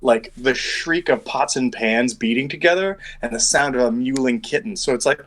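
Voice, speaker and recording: A man's voice: medium pitch, normal speed, a bit bright, poor audio. A man running a tabletop game as game master over an online call, rambling and thinking aloud as he works out dice math.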